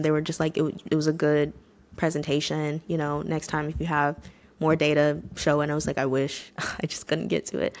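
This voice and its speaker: A young woman in her twenties, casually telling a candid personal story in a conversational way, full of fillers. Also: lowish voice. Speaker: vlogger.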